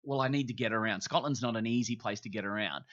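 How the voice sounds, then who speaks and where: An Australian man in his fifties, a TV presenter telling travel stories on a podcast in a lively, animated way, acting out the voices of people he quotes. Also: lowish voice, fast talker, muffled recording. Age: 50s. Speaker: guest, TV presenter. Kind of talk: casual storytelling.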